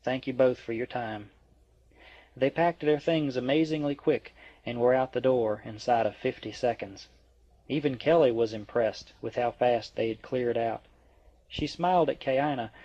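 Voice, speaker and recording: A man reading a novel aloud in a steady, even narrating voice. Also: mid-range voice, moderate pace. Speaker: audiobook reader. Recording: dry, dull lo-fi.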